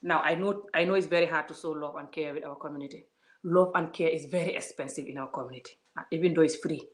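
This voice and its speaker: A woman's voice: sits low, quick pace. A woman giving an emphatic, preachy vlog monologue, full of repeated words and rhetorical questions. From Gambia. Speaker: vlogger. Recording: roomy echo.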